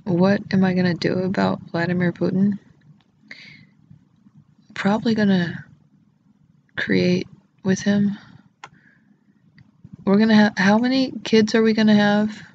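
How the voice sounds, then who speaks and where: This is a vlogger with a gravelly, fry-laced voice who drawls slowly through erratic, crude jokes. The talk wanders and giggles from one silly idea to the next. The recording is slightly dull, and there is a faint hum of traffic behind it. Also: mid-range voice, steady tone, a little mellow. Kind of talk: rambling solo vlog talk.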